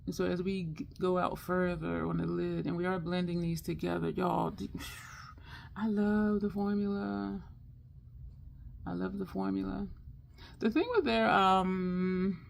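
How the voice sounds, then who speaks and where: In a casual makeup tutorial chat, a woman with a lowish, gravelly, slightly mellow voice does her look on her own channel. She stays upbeat and affirming, addressing her viewers directly.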